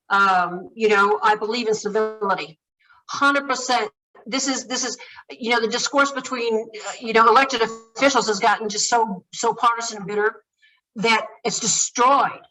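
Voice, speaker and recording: A woman running for office answers interview questions earnestly, often pausing and restarting. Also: fairly high pitch, sharp tone, distant mic, low-quality recording. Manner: earnest, halting, with many fillers and restarts. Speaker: political candidate guest.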